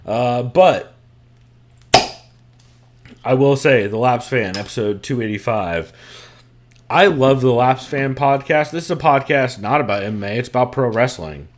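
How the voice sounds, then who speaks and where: A man's voice: mid-range voice, sing-song, measured pace, background noise. A male podcast host talking loosely from his room at home, in an ordinary mid-range voice. He rambles from point to point, chuckles often and swears freely. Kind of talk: casual podcast chat.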